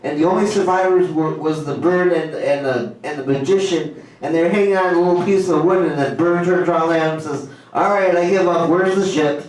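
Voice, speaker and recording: A man telling corny one-liner jokes at a cafe open mic, with a slightly raised voice. His delivery is casual and halting, with filler pauses. He is heard from far off in a very echoey room with a faint background hum. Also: on the high side, darkish tone. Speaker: stand-up comedian. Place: small cafe stage.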